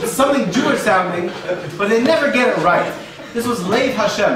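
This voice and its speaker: Man, high voice, stand-up comedy, rambling jokes, very echoey room, recorded from afar. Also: animated, a little fast, distant mic, crowd noise. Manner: rambling, joking, heavy Yiddish and Hebrew terms. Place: live venue with audience.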